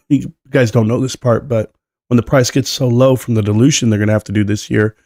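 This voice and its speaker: A man's voice: medium pitch, fairly even intonation, a little fast, mellow, no room sound. Coughing man host, dry close sound. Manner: rambling, coughs and clears throat often. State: sick, coughing and hoarse. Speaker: live stream host. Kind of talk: casual live-stream commentary.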